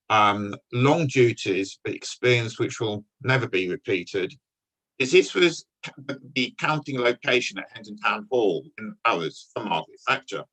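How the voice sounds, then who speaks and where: Husky older man telling dry anecdotes. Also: medium pitch, poor audio. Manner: dry, wry storytelling with deadpan punchlines. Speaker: guest speaker recounting his police career. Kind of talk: anecdotal talk to an audience.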